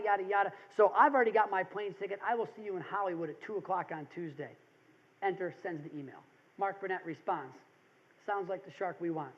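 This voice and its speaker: A man speaking at a real estate seminar, telling stories and acting out quotes in an animated way. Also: high voice, muffled recording. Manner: animated storytelling, acts out quotes. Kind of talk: motivational seminar talk.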